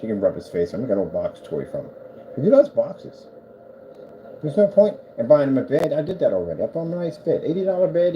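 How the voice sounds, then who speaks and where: A man speaks at a medium pitch in a casual vlog recorded in his workshop, surrounded by boxes and a desk. He runs a small projector screen business, and he preaches about faith before turning to coo playfully at his cat. The sound is lo-fi, with a noisy room in the background.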